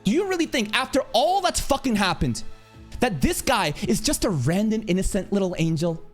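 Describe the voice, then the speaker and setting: A man's voice: high voice, sing-song, faint music behind. Profane, combative male streamer rant. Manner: rapid, assertive delivery. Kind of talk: angry reaction-stream rant.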